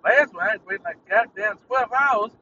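A man's voice: high-pitched, moderate pace, distant mic, lo-fi sound, heavy background noise. A man hosting his own podcast, ranting in a rambling, irritated, profane way. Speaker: podcast host. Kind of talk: casual solo rant.

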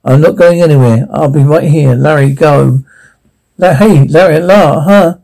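A loyal Air Force buddy speaks at a friend's bedside in a TV drama. His voice is mellow and rather high. He rambles, stops and restarts, and keeps it joking but tender. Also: a little slow, gravelly, poor audio. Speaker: visiting friend. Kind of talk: TV drama acting.

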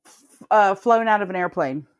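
A woman co-hosts a podcast, telling laugh-filled, profanity-heavy stories in easy conversation. She speaks at normal speed with a medium pitch. The recording is dry and studio quality.

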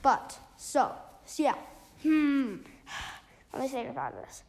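A woman casually retelling a book's plot, halting often with restarts and fillers. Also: high-pitched, expressive, a little mellow. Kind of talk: casual spoken book recap.

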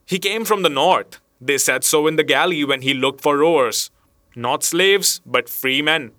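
A man's voice: fairly high pitch, measured pace, sharp tone, dry recording, clean studio sound. A man voicing a dreamy, moody young male clerk who speaks abstractedly and turns snappish.

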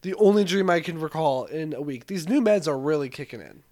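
A young man co-hosting a podcast, chatting casually in an animated, joking way and swearing freely. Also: fairly high pitch, brisk. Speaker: podcast co-host. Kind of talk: casual chat.

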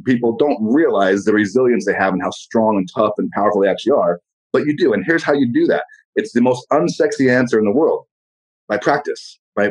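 A man as a podcast guest in casual motivational talk, blunt and profane, telling animated stories. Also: lowish voice, poor audio.

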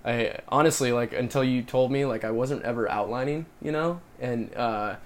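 A man's voice: medium pitch, moderate pace. A man co-hosting a podcast in casual chat, talking in a rambling way about his acting classes and writing. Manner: rambling, many restarts and fillers. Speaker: podcast co-host and acting student.

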